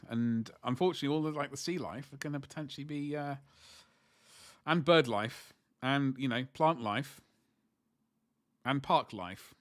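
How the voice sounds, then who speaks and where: A man chatting casually to viewers on a livestream as he paints miniatures, rambling and joking in asides. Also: medium pitch.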